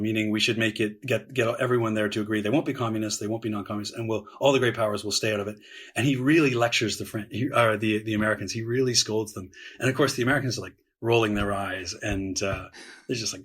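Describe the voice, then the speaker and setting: Husky, lively male history professor. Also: lowish voice, fast talker. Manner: fluent, eager talk with many restarts and lively voiced quotes. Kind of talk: animated conversational explaining.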